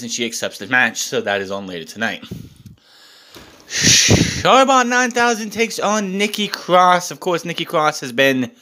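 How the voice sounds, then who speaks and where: Animated, swearing wrestling reviewer man. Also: medium pitch. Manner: exasperated, swears often, animated delivery. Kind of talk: casual ranting recap.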